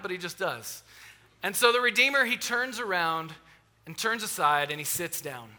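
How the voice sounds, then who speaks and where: Bright-voiced man preaching a lively sermon. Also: sits high. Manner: lively, conversational storytelling with asides to the congregation. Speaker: pastor.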